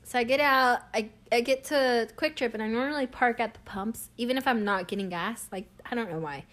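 Young woman vlogging, chatty storyteller, kinda high voice, laughs a lot. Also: a little fast. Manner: animated, chatty, laughs often. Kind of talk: casual storytelling to camera.

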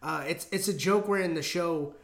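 A man's voice: a little high, normal speed, gravelly. A man co-hosting a podcast, chatting casually in a rambling, profane way and laughing often. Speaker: podcast co-host. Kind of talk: casual chat.

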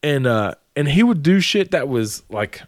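Animated man telling a work story. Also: medium pitch, measured pace, no echo, clean studio sound. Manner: animated storytelling, swearing, acting out quotes. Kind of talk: casual podcast chat.

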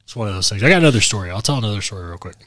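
Profane, animated male wrestler storyteller. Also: lowish voice, racing, no echo. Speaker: podcast co-host and wrestler. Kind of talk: casual podcast storytelling.

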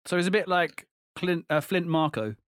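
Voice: mid-range voice, animated, normal speed, clear, resonant tone, no room sound, studio quality. A playful podcast host who laughs often and asks questions in casual chat with friends.

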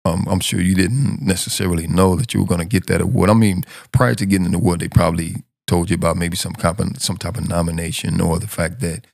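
A man's voice: sits low, steady tone, fast, vocal fry, hardly any pauses, darkish tone, no echo, studio quality. A man hosting a podcast, introducing and questioning a guest in a rambling way, often repeating and restarting his words. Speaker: podcast host. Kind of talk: casual podcast interview.

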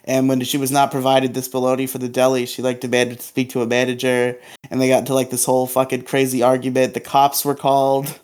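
A man in easygoing podcast banter who swears freely and breaks into laughs. His voice sits at an ordinary middle pitch for a man. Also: monotone, fast, darkish tone. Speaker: podcast co-host. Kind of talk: casual podcast chat.

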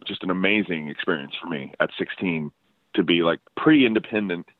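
A man with a very low voice tells loose, laughing stories as the guest musician, circling back and restarting his sentences. He comes through a dry, narrow, phone-like line. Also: a little fast, dry recording. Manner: rambling, laughing storyteller with many restarts. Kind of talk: casual interview chat.

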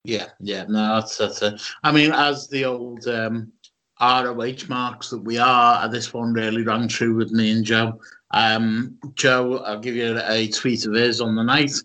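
A man's voice: mid-range voice, steady tone, a little slow, pushed and bright. A man with a Scouse accent co-hosting a podcast, talking casually with many ums and restarts. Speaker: podcast co-host. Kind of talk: casual chat.

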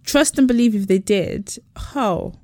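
A woman's voice: mid-range voice, a little slow, warm tone, no echo, studio quality. A woman co-hosting a casual chat podcast, telling stories animatedly and acting out the people she quotes. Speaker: podcast co-host.

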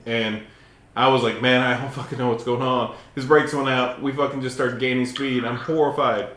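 A man's voice: medium pitch, fairly even intonation, normal speed, a bit bright, echoey room. A man in his forties, a podcast co-host telling a story in casual chat, swearing freely and repeating himself. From Appalachia, western North Carolina.

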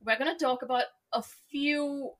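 A young woman co-hosting a casual chat, talking fast with lots of "like" and frequent laughs. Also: sits high, fairly even intonation. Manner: chatty, laughs often, many likes and fillers. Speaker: podcast co-host.

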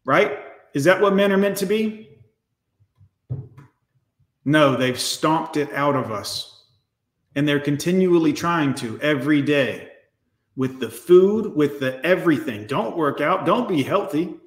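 A man hosting a livestream pours out a blunt, profane rant. He talks straight to his viewers with hard emphasis. His voice sits a touch higher than most men's, and the room around him echoes. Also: lively intonation, unhurried, long pauses. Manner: addresses viewers directly. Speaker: livestream host. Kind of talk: ranting livestream commentary.

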